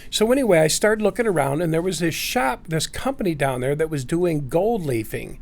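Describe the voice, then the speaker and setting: A man's voice: fairly high pitch, lively intonation, fairly quick, creaky. Rambling middle-aged man telling a story. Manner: rambling, many fillers and restarts. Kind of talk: casual personal storytelling.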